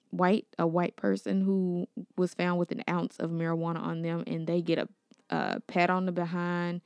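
Young woman doing her solo podcast, smooth low-ish voice, close dry mic, outspoken and earnest. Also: a little mellow, no echo. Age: young adult. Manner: earnest and outspoken, with nervous laughs and stumbles over names. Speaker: podcast host. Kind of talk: casual solo podcast commentary.

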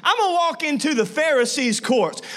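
A man's voice: very high-pitched, normal speed. A man preaching a sermon as a pastor, telling family stories with playful asides and acting out voices. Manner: animated storytelling with playful asides and acted-out voices.

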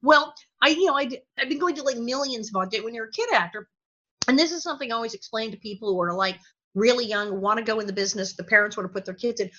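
A woman guest in an interview, telling animated stories with laughter and acted-out quotes. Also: a little high. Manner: energetic, laughing, quick asides and acted-out quotes. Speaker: interview guest, former child actor. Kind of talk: animated storytelling in conversation. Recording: dull lo-fi audio.

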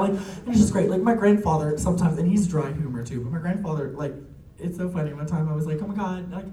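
Recorded from a distance with a crowd audible behind him, a young man with a higher-pitched voice shares family stories. He's a drag performer, chatty and laughing, full of "likes" and quick acted-out quotes, with roomy off-mic echo and faint ambience.

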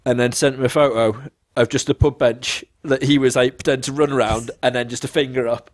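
A man tells a long story on a casual podcast and keeps jumping into the voices of the people in it. His voice sits at a middling pitch, and the sound is close and dry, with no room around it. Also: a little fast, no room sound. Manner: animated, acts out quoted voices with big pitch jumps. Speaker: podcast co-host.

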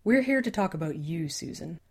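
A woman's voice: lowish voice, lively intonation, a little fast, darkish tone, husky. A woman voicing a friendly, teasing young male coyote shapeshifter in an audiobook, cheerful and reassuring. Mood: explaining.

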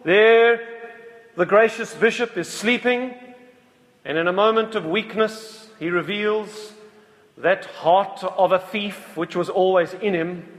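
Slow, earnest preacher in a reverberant hall. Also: male voice, high-pitched. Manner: slow, earnest storytelling with repeated restarts. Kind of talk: sermon.

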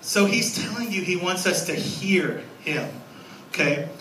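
A man in his thirties preaching a sermon as a guest pastor, lively and storytelling, acting out little scenes. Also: high voice, unhurried, roomy sound, far from the mic, a little hiss or hum, poor audio. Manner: animated, acts out scenes with a raised voice. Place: church sanctuary.

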